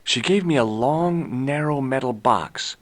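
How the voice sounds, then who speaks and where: An actor playing a wry young adventurer posing as a doctor, asking questions and narrating in a dry tone. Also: male voice, mid-range voice, lively intonation, a little slow, lightly acted. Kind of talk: video game voice acting.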